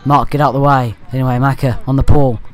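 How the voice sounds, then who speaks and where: A man giving casual voice-over commentary for a fan channel. He rambles and jokes, with off-topic asides and quick self-corrections. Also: mid-range voice, level tone.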